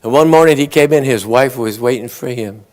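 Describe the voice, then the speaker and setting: A man's voice: medium pitch, fairly quick, darkish tone. Folksy man telling jokes. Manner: folksy, tells long stories and briefly acts out the characters' lines. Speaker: after-dinner joke teller. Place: conference awards ceremony.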